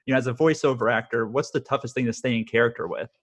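A man's voice: medium pitch, fast. A man hosting a podcast, asking easygoing interview questions and laughing along. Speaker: podcast host.

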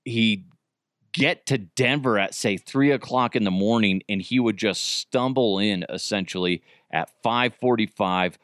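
A man in his thirties hosting a podcast, telling old radio stories in a rambling, profane, animated way with frequent restarts. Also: on the low side, measured pace, no echo, clean studio sound. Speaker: podcast host, former radio producer. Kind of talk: casual storytelling.

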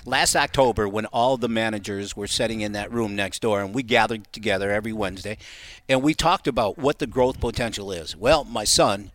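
A man's voice: lowish voice, fairly quick, fairly bright tone. A middle-aged man talking as a company guest on a radio show, enthusiastic and salesy. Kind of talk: casual radio chat.

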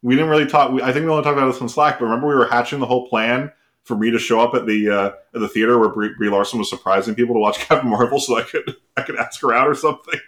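A man's voice: mid-range voice, steady tone, very fast, fairly bright tone. A man co-hosting a podcast, chatting casually, rambling with laughs, swearing and mock voices. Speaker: podcast co-host. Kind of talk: casual chat.

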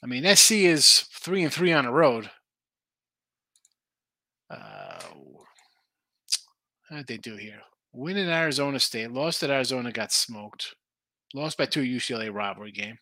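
A man's voice: medium pitch, expressive, measured pace, pauses often, pushed and bright, no room sound. A man hosting a late-night sports betting stream, rambling casually as he thinks aloud over the lines and answers viewers. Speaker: sports betting show host. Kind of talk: casual live-stream chat reading viewer picks.

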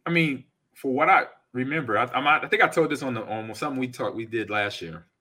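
A man in his forties co-hosting a casual podcast chat, reading out chat comments and acting out stories loudly. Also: medium pitch, a little fast. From California. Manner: animated storyteller, acts out scenes loudly. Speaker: podcast co-host.

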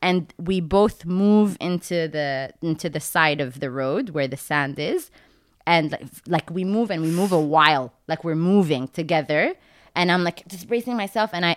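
A young woman casually telling a long personal story, acting out her own remarks in a much higher voice. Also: no echo, studio quality. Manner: animated, acts out her own lines in a high voice.

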